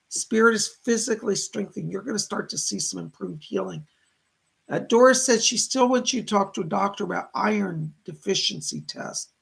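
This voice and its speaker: A man hosting live-stream psychic readings from his computer, greeting viewers with excitement and relaying spirit messages. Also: sits high, vocal fry, breathy edge. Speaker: psychic medium host.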